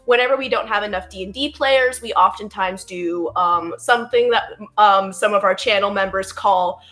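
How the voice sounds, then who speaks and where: Excited woman guest, full of ums. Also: mid-range voice, normal speed, faint music behind. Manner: excited, many filler ums. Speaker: guest, channel lore master. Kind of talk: casual interview.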